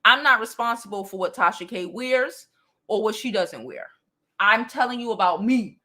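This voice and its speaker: Blunt, high-pitched woman on a livestream. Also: animated, normal speed, pushed and bright. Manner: blunt, direct, swears freely. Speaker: beauty channel host. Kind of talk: livestream commentary reading comments.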